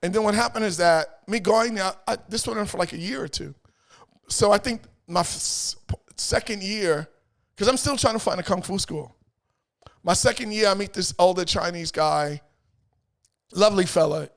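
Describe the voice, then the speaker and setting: Gravelly high-voiced New man. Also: moderate pace. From New York. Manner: animated, acts out quoted voices, repeats phrases. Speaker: guest. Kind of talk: casual storytelling chat.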